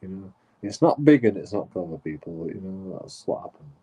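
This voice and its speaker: A man's voice: low-pitched, expressive, a little fast, warm tone, slightly rough. A man telling a rambling, sweary story as a streamer, full of restarts and asides. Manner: rambling, sweary, lots of "you know" and restarts. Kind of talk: casual storytelling.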